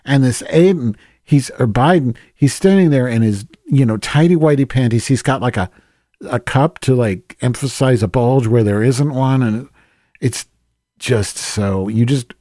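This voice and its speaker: A man's voice: medium pitch, measured pace, warm tone, no echo, studio quality. A man co-hosting a podcast, talking bluntly and snarkily in casual chat. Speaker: podcast co-host.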